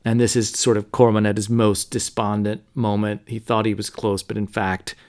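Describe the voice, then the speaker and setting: A man hosting a podcast, talking through a novel in a low-key, conversational way with frequent fillers. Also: little pitch movement, moderate pace, darkish tone. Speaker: podcast host. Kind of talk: casual book discussion.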